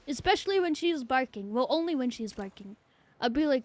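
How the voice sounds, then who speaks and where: A young woman streaming, chatting casually in an excitable, profane way with frequent laughter. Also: sits high, a little fast. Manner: excitable, swearing, laughing often.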